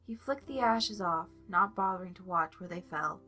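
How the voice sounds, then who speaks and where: Bright-voiced woman reading fan fiction. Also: lowish voice, normal speed. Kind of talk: storybook narration. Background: soft music.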